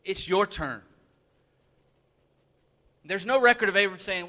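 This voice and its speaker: Bright-voiced man preaching in a reverberant hall. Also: sits high, a little slow, pauses often. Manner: earnest, emphatic, conversational, repeats words for stress. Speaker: pastor. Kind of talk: sermon. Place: church sanctuary.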